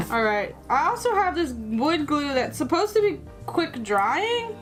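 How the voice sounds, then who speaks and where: High-pitched woman vlogger, chatty and self-mocking, with light music underneath. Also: big pitch swings, a little slow, few pauses. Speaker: craft vlogger. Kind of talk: casual crafting vlog.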